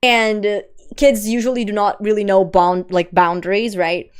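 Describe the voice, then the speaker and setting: A woman's voice: mid-range voice, level tone, moderate pace, clear, resonant tone. A young woman from Lisbon with a light Portuguese accent, a streamer chatting casually with her viewers. She laughs often and swears casually. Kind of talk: casual live-stream chat.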